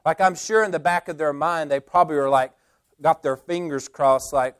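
A man's voice: fairly high pitch, steady tone, normal speed, smooth. A man preaching a sermon in an earnest way, often repeating words as he restarts. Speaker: pastor.

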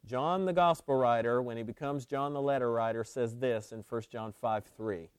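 A man's voice: medium pitch, expressive, a little slow, smooth, dry recording, studio quality. A man preaching a sermon to his congregation, pressing points home by repeating key phrases, with frequent restarts. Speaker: pastor.

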